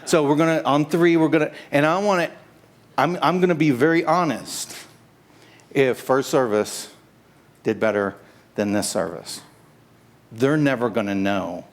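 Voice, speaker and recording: A middle-aged man giving a casual, halting sermon and prayer in church, joking with the congregation. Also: medium pitch. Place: church sanctuary.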